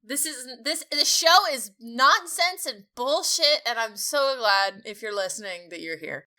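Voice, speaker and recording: A young woman with a bright, rather high voice co-hosts a casual podcast. She swears freely, gets flustered and laughs through her lines. Her tone is light and playful. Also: lively intonation, unhurried. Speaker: podcast co-host. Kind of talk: casual banter.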